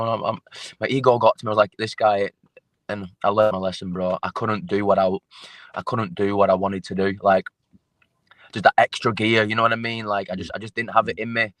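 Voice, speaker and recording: A man chatting casually as a fighter in an interview. His voice sits at an ordinary pitch, blunt and full of swearing, and he often doubles back on his own words. The sound is dry and close, with little room around it. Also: fairly bright tone, no room sound. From England. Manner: swearing, blunt, repeats himself. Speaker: MMA fighter guest.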